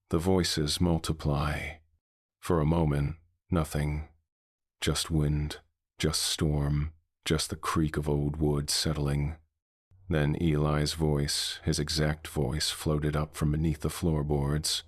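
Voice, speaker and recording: Male horror narrator, extremely deep, husky, measured and ominous. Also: monotone, no echo, studio quality. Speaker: horror storyteller.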